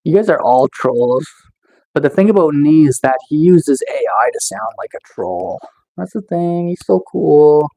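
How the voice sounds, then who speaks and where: A man's voice: fairly high pitch, animated, measured pace, warm tone. A man live-streaming in a casual chat, teasing and taunting the trolls in his chat with sarcastic mock-tough boasts.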